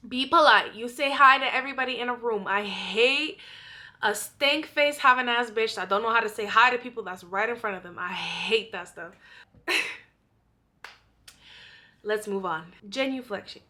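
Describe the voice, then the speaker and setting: Blunt, breathless young woman with a bright voice. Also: fairly high pitch, moderate pace, pauses often. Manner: blunt, scolding, profane. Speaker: vlogger. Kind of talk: casual advice monologue.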